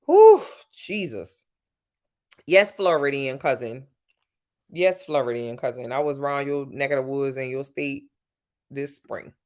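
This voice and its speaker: A woman from Louisiana with a Southern accent, chatting casually with viewers on a livestream, swearing freely and jumping up and down in pitch. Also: steady tone, moderate pace. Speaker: livestream host.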